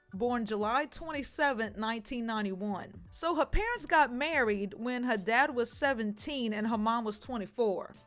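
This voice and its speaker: A woman telling a true crime story casually, with sassy, profane comic asides. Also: on the high side.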